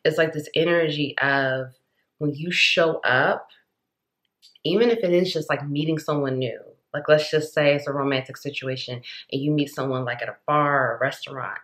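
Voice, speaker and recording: A woman's voice: low-pitched, steady tone, moderate pace, a bit bright. A woman giving a pick-a-card tarot reading, talking in an earnest, rambling, encouraging way with many "like"s. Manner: earnest, rambling, heavy use of "like"; passionate, encouraging. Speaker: tarot reader.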